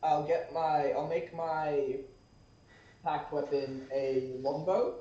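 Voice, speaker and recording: A man's voice: on the high side, fairly even intonation, takes it slowly, mellow. A man playing a tabletop game, playful and laughing as he goes. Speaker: player. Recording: roomy, distant, dull recording.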